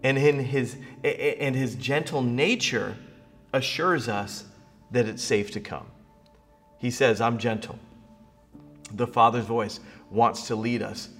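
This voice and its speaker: A middle-aged man preaching a sermon in a large sanctuary, his voice carrying a long hall reverb. He moves from relaxed, quiet storytelling into rising, emphatic stretches. His pitch sits in the middle range for a man. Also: unhurried, soft background music. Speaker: pastor.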